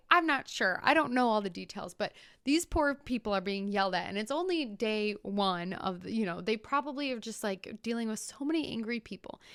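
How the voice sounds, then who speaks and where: A young woman hosting a podcast, retelling a story in a casual, animated way with whispered asides. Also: on the high side, smooth, dry recording. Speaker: podcast host.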